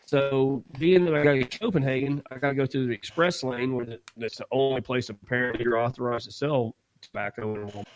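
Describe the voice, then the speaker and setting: A man co-hosting a podcast, telling a story in a casual, animated way and acting out what people said. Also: medium pitch, a little fast, hardly any pauses, slight background noise, low-quality recording. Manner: animated, laughs while telling, acts out quotes. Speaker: podcast co-host.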